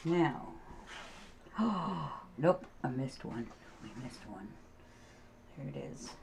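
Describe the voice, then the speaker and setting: A woman's voice: extremely low pitch, animated, slow, gravelly, heavy background noise. A middle-aged woman talking casually about her quilting as she works, chatting and humming to herself. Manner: chatty, hums and sings to herself while working. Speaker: quilting vlogger. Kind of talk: casual crafting talk while sewing.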